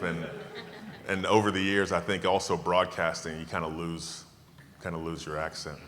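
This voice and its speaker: A man's voice: low voice, level tone, moderate pace, fairly bright tone. A man in his fifties from Tallahassee, speaking as keynote guest at a dinner, emphatic and self-assured, answering questions with jokes. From Tallahassee, Florida. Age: 50s. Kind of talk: relaxed Q&A talk to a dinner audience. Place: banquet hall. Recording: long reverb of a hall, faint noise.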